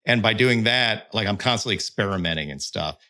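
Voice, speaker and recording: A man's voice: on the low side, expressive, fairly quick, bright, forceful tone. A middle-aged man talking candidly and emphatically as a podcast guest, with fillers and restarts. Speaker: guest, content creator and pitching analyst. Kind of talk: casual podcast conversation.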